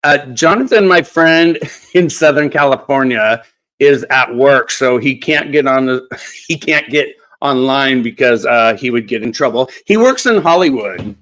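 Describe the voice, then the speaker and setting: A man's voice: mid-range voice, lively intonation, measured pace, a bit bright, low-quality recording. A man hosting a casual craft live stream, chatty and repeating words as he talks. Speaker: craft channel host.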